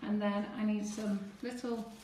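A woman's voice: mid-range voice, little pitch movement, a little slow, distant mic, very noisy. A woman teaching cake decorating on a live stream, chatting to viewers as she works through each step. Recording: echoey room, away from the mic.

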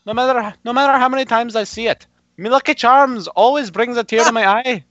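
A man's voice: extremely high pitch, brisk, fairly bright tone, no echo, muffled recording. A man hosting a casual card game with friends, joking in a mock-dramatic way over voice chat. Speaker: channel host and player. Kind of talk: casual gaming banter.

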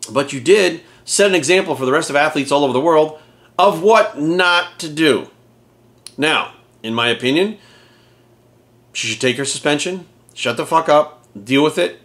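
A middle-aged man rants straight at his audience, swearing constantly and sounding openly exasperated. His voice sits a little on the high side for a man. He talks like a blunt fitness coach sounding off. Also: fairly bright tone. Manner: profane, blunt, exasperated ranting. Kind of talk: ranting commentary to camera.

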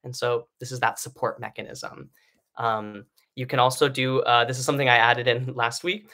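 A man's voice: mid-range voice, level tone, moderate pace, sharp tone. A man teaching an online singing lesson, explaining breathing in a casual way with lots of fillers and "right?" checks. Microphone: live stream setup.

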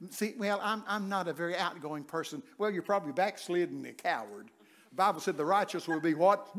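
Older guy preaching in a church, jokey folksy stories, high-pitched, gets shouty. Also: expressive, fairly quick. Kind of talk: humorous sermon storytelling. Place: church sanctuary.

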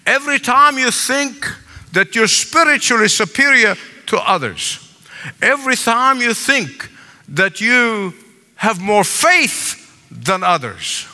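Older preacher man, lively, hall reverb. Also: sits high. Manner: emphatic preaching with repetition and asides. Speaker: pastor. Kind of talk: sermon. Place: large church sanctuary.

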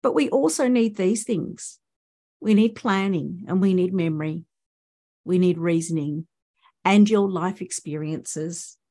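A woman's voice: fairly low pitch, measured pace, warm tone. A woman with an Australian accent, a speech pathologist giving a conference presentation and explaining points with rhetorical questions to the audience.

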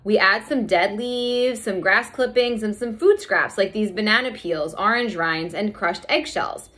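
A woman reading a storybook aloud, voicing a calm, patient schoolteacher who explains things in a soothing way. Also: medium pitch, measured pace, natural voice.

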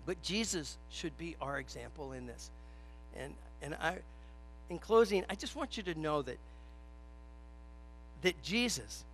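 A man's voice: a little high, slight background noise. A man preaching a sermon in a church, stressing his points with repetition and telling a joke story. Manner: emphatic, repeats key phrases.

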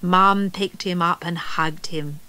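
A woman narrating a children's story tape in a slow, expressive reading voice. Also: fairly low pitch, no echo.

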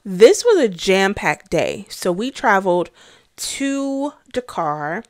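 A woman's voice: medium pitch, sing-song, takes it slowly, darkish tone, dry recording, studio quality. A woman travel vlogger narrating casually in voice-over, chatty, with filler words and asides to the viewers.

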